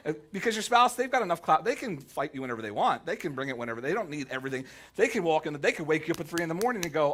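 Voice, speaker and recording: A man's voice: a little high, fast talker. A male pastor preaching a sermon to a congregation, telling jokey stories and acting out the quotes. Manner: animated, jokey storytelling with voiced quotes. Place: church sanctuary.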